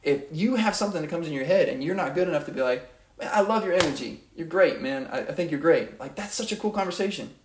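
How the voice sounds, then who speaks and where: A man's voice: a little high, lively intonation, fast talker, echoey room, a little hiss or hum. A young man giving an earnest, rambling motivational monologue as a podcast host, often repeating his phrases.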